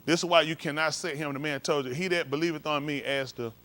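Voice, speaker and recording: A man's voice: a little high, fairly even intonation, fast, a bit bright. A male pastor leads an informal Bible study, comparing translations and coaxing someone along with repeated "come on.".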